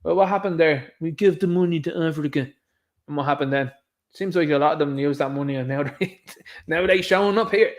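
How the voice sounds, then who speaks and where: A man's voice: fairly high pitch, normal speed, long pauses. A man with a Dublin accent hosting a casual livestream, ranting sarcastically and laughing often. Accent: Irish, Dublin. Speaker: streamer, host. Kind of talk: casual livestream rant commentary.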